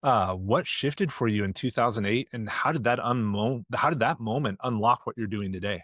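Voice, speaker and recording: A man's voice: on the low side, moderate pace, fairly bright tone, no echo, studio quality. A man hosting an interview podcast over a video call, asking reflective questions with small restarts. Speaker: podcast host.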